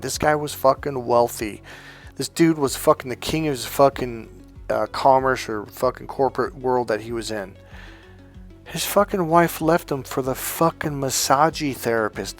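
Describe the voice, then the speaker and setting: Profane, fired-up male dating coach. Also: medium pitch. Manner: profane, emphatic rant. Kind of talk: monologue to camera.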